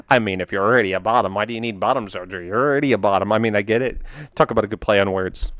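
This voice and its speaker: A man's voice: fairly low pitch, fairly quick, long pauses, a bit bright, no room sound, clean studio sound. Ranting man reacting to memes. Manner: ranting, profane, laughs often. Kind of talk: casual reaction commentary.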